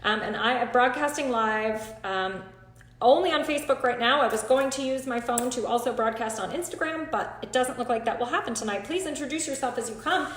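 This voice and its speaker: A woman's voice: on the high side, a little fast, a bit bright, echoey room. A woman hosting a live stream, talking casually, nervous and shaky with many hesitant ums, close to tears. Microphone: phone or computer.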